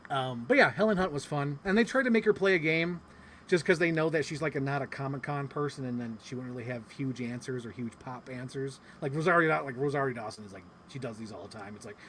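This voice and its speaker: A man hosting a casual talk show, telling a story in an animated, rambling way and swearing often. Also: mid-range voice, fast, slight background noise. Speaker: podcast host. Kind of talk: casual chat recapping a convention.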